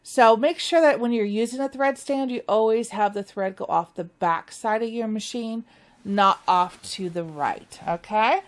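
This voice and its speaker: A woman's voice: fairly high pitch, measured pace. A woman leading a machine embroidery tutorial, chatty and enthusiastic as she walks viewers through each step. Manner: upbeat, chatty, enthusiastic about stitching. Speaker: sewing instructor.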